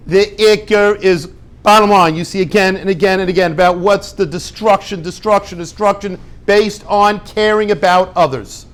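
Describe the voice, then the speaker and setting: A man giving an informal Torah talk to a group, lively and conversational, acting out little dialogues and dropping Hebrew and Yiddish words. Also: high voice. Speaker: rabbi teaching a class.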